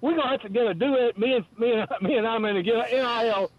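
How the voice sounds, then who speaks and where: A man's voice: very high voice, quick pace, dry recording. A man calling in to a sports radio show, rambling and jokey, stammering over his words, heard on a tinny phone line. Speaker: regular caller. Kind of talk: call-in chat.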